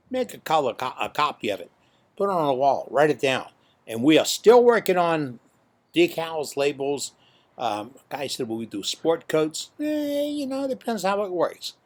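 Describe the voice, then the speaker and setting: A man hosting a woodturning club video, talking in a folksy, emphatic way and repeating his points. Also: on the high side. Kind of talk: casual video announcement.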